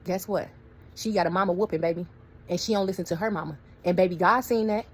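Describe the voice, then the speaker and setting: A woman telling a story to her viewers in a casual, animated way, acting out quoted voices. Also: fairly low pitch, fast. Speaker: storyteller vlogger.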